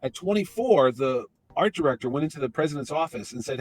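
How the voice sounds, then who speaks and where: A man in his fifties, an interview guest, telling an animated anecdote. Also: a little high, no room sound. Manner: animated, fast-talking storyteller. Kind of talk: storytelling anecdote.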